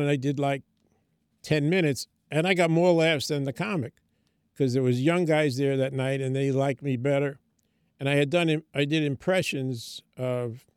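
An older male comedian, appearing as a guest, tells an animated anecdote in casual conversation, acting out the quoted voices. His mid-range voice is smooth, recorded with studio quality and no echo.

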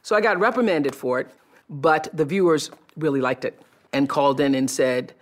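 A woman telling stories from her own career in an animated, expressive way. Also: low-pitched, moderate pace. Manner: animated, expressive, acts out remembered voices. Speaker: television personality recounting her career. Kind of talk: personal storytelling talk.

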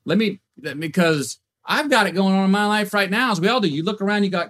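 A man guesting on a podcast, talking in a folksy, drawn-out, reflective way. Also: sits high, fairly bright tone. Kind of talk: casual chat.

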